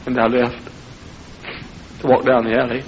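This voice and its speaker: A middle-aged man preaching an impassioned revival sermon that builds into shouting. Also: medium pitch, little pitch movement, normal speed, slight background noise. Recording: muffled old sermon recording.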